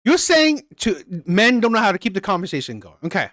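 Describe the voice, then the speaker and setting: A woman's voice: medium pitch, sing-song, brisk, fairly bright tone, no room sound. A woman hosting a reaction video, ranting heatedly with a lot of profanity and stumbling restarts. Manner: heated, profane, self-interrupting. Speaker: reaction channel host.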